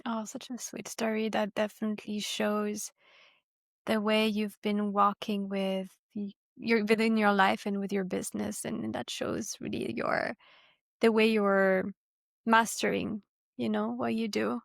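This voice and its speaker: A woman hosting a podcast, softly and warmly thanking her guest as she closes the interview. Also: mid-range voice, flat delivery, unhurried, creaky, no room sound, studio quality. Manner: soft, affectionate, brief replies. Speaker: podcast host. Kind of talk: closing an interview.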